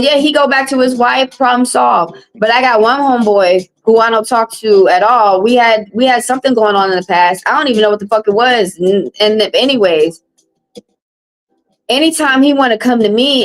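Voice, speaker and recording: A woman's voice: on the high side, moderate pace, poor audio. A woman, a tarot reader live-streaming and chatting with viewers in a blunt, casual, profane way. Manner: blunt, casual, profane, talks straight to chat.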